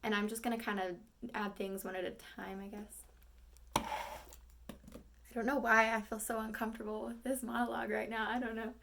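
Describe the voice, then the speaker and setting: A woman's voice: a little high, little pitch movement, fairly quick, creaky, long pauses, a bit bright, slight background noise. A young woman, an acting student, thinking aloud between rehearsal takes, rambling and self-critical with lots of fillers.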